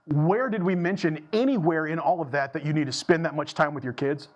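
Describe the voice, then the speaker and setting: A man preaching a sermon to his church, emphatic and repetitive, moving between slow, deliberate lines and quick bursts. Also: on the high side. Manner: emphatic, repeats phrases for stress, shifts between slow and fast delivery. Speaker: pastor. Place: church sanctuary.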